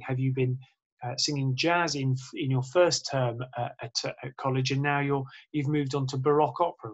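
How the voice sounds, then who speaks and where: A man's voice: mid-range voice, fairly bright tone, lo-fi sound. A man, a surgeon, giving a spoken lecture in an explanatory way, with frequent fillers and restarts.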